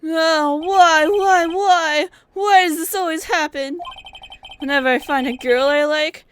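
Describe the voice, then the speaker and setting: A woman's voice: extremely high pitch, unhurried, a bit bright, slight background noise, pitched above the performer's own voice. A woman voicing a dramatic, lovesick young man from a game, wailing and overdramatic while reading his lines.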